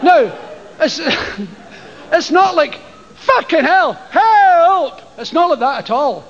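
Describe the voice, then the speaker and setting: Extremely high in pitch and very animated, yet taking it slowly, an older Scottish stand-up tells a profane story and acts out voices and screams. The live comedy venue has an audience, and the lo-fi recording captures the crowd and noise.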